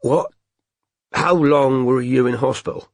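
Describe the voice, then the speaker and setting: A man voicing a gruff, awkward male private detective who speaks low, halting and careful. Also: no echo, clean studio sound, natural voice. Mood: gentle.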